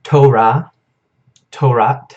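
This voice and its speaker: A young man teaching a casual vocabulary lesson in a relaxed, self-correcting way, chuckling at his own memory tricks. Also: mid-range voice, very slow, muffled recording. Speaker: Hebrew teacher.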